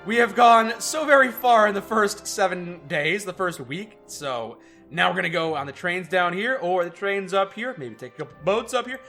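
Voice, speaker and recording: A man hosting a casual game playthrough, joking with deadpan sarcasm and reading the narration aloud. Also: high-pitched, normal speed, soft background music. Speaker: let's play host.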